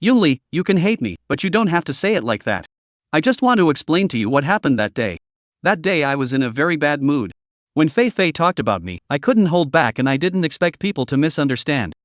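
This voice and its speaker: A man's voice: fairly high pitch, big pitch swings, a little fast, dry recording, studio quality. A man voicing a timid, tearful young woman who keeps pleading and apologizing.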